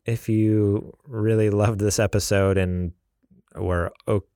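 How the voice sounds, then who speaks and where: A man's voice: fairly low pitch, steady tone, takes it slowly, mellow, clean tone, no echo, studio quality. A man co-hosting a casual gaming podcast, talking in a laid-back, rambling way with lots of fillers. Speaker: podcast co-host.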